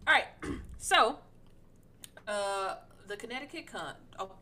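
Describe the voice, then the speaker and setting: A woman hosting a podcast in casual sports chat, animated and slangy, with a playfully incredulous manner. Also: mid-range voice, slow pace, heavy background noise. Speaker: podcast host.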